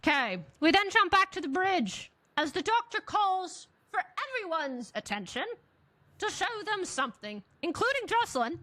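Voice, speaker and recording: A woman hosting an episode recap podcast, telling the story with lively, animated swings and frequent laughter. Her voice is high and unhurried. The sound is dry and close, with faint music behind. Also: no room sound. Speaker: podcast host.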